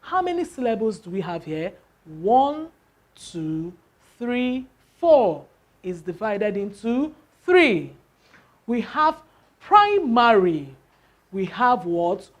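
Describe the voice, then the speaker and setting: Slow, emphatic Nigerian woman teacher. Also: mid-range voice, very animated. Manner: asks rhetorical questions and answers them; spells out and counts syllables emphatically. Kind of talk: classroom lesson.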